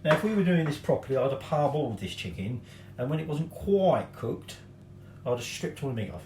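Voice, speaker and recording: A man's voice: a little high, sing-song, brisk, a little mellow, echoey room, slight background noise. A man hosting a cooking tutorial, chatty, with joking, self-mocking asides. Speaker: cooking show host.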